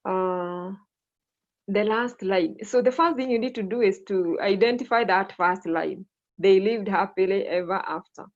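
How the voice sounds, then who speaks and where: A woman's voice: mid-range voice, a little slow. A woman teacher leading an online English lesson, prompting students and repeating their answers back. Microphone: video call. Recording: muffled video call audio.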